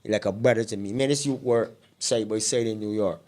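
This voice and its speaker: A man with a Bajan accent, a co-host in casual chat who gets excitable and swears freely. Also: on the low side, fairly quick.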